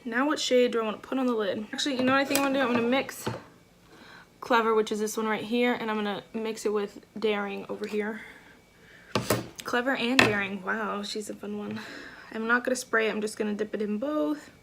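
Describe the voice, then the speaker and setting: A woman's voice: fairly high pitch, steady tone, fairly quick, creaky, background noise. A woman beauty vlogger chatting through a makeup tutorial at home, gushing and effusive, with lots of fillers. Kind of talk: casual makeup tutorial chat.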